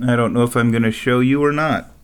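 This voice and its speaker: A middle-aged man rambles through a casual solo monologue at an ordinary mid pitch. He keeps chuckling at his own tales and drops dry, sarcastic asides along the way. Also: fairly even intonation, fast, clear, resonant tone. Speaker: vlogger.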